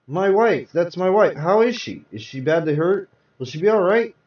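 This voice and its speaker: A man's voice: on the high side, big pitch swings, slow. A man reading aloud, voicing a young husband frantic with grief in a hospital, with pleading, panicked outbursts. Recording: roomy, distant, dull sound.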